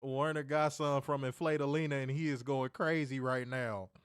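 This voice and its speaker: A man's voice: mid-range voice, steady tone, moderate pace, clear, resonant tone, no room sound, clean studio sound. A man co-hosting a wrestling review show, teasing his co-host in casual slangy banter and laughing often. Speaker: podcast co-host. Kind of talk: casual chat.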